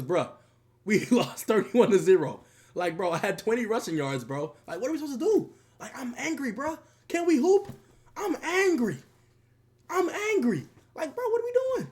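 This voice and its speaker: A man's voice: high-pitched, warm tone. A man doing a frustrated young football player. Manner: exasperated, laughing through complaints. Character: young male pro football player, frustrated at his losing team.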